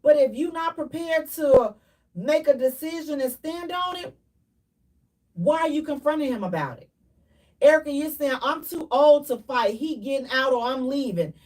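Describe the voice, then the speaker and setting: A woman with a high voice hosts a live call-in radio show, speaking unhurriedly and somewhat far from the mic. She's animated and preachy, repeating herself and sometimes shouting.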